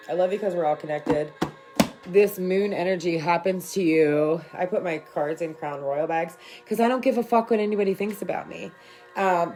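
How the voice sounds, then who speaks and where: A woman's voice: fairly low pitch, a little mellow. A woman talking casually on a tarot livestream, loose, affectionate and profane, rambling through spiritual encouragement. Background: faint music.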